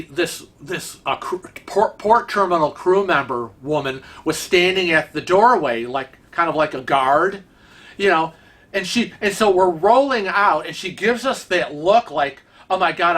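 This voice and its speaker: Male vlog host, animated storyteller, slightly raised pitch, tense bright tone. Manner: chatty, animated, acts out quoted dialogue. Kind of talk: casual storytelling.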